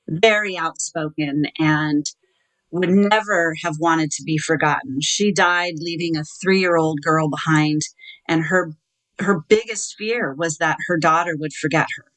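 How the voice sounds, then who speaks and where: A middle-aged woman telling her own story in an interview, measured and hesitant, acting out the dialogue she recalls. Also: low voice, a bit bright, low-quality recording. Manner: measured, recounting with quoted dialogue and hesitant fillers. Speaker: interview guest.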